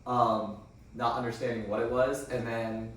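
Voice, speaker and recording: A young man co-hosting a food taste test in relaxed, rambling chat, full of likes and ums. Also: mid-range voice, a little slow, a little hiss or hum. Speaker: co-host. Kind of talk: casual chat while taste-testing food. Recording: echoey room, voice from far off.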